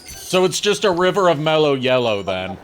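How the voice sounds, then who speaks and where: A man hosts a gaming stream and talks through each move, his pitch rising and falling with a lively swing. He drops jokes between filler pauses, and a faint noise sits behind him. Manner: jokey, narrates his play with filler pauses. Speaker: streamer host. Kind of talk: casual gameplay commentary.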